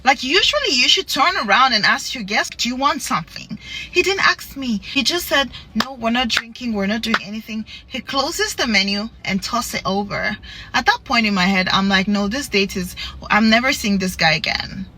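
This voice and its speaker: A woman casually retelling a bad date, animated and incredulous. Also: a little high, normal speed, a little hiss or hum, low-quality recording. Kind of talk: casual storytime monologue.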